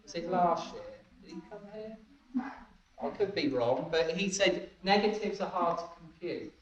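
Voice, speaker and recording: A man's voice: high voice, expressive, normal speed, a little hiss or hum. A man giving a training talk, often laughing and checking that his listeners follow. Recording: echoey room, distant dull mic.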